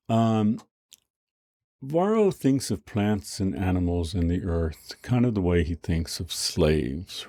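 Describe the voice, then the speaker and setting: A man's voice: low-pitched, creaky, mellow, breathy edge, no room sound, studio quality. A male lecturer giving a conversational university lecture, full of fillers and restarts.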